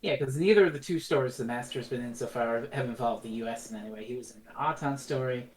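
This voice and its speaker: Low-voiced woman chatting casually. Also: fast talker. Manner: animated storytelling, swears freely. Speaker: podcast co-host. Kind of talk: casual review chat.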